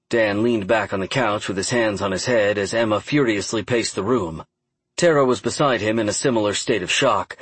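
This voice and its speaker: Husky guy reading an audiobook, dry sound. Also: mid-range voice, no room sound. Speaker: audiobook narrator. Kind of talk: scripted narration.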